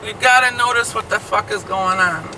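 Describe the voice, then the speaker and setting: A man's voice: high voice, normal speed, far from the mic, poor audio. A man who trained in nursing care, telling an outraged story in casual chat and swearing freely while driving. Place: inside a car in traffic. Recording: loud road noise in a car.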